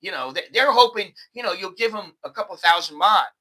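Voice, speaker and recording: A man with an American accent hosting a casual, animated vlog monologue. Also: high-pitched, fairly quick, low-quality recording. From United States. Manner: animated, conversational, repeats words. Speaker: host.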